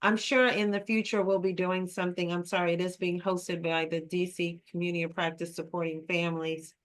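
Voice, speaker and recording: Low-voiced woman leading an online meeting. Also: flat delivery, a little fast. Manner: hesitant, many ums, laughs easily. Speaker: meeting facilitator. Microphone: video call.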